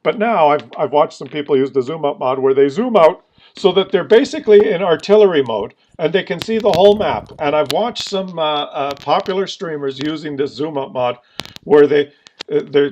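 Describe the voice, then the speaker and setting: A man's voice: fairly high pitch, darkish tone, slight background noise. A man giving casual commentary on a game, exasperated and ranting, with many fillers. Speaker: gaming commentator. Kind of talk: casual commentary over gameplay video.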